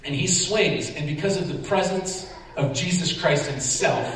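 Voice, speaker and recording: A man preaching in a big sanctuary, caught from a distance so his voice carries a long, echoey hall reverb. He tells a lively story with self-deprecating humor and plays out his own reactions. A faint hum of room noise sits underneath. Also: on the high side, moderate pace, few pauses. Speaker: pastor. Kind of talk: sermon storytelling. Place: large church sanctuary.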